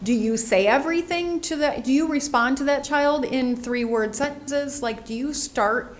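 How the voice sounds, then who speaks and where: Curious woman asking questions, slightly high. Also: moderate pace. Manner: curious, asks questions in bursts. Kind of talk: panel discussion.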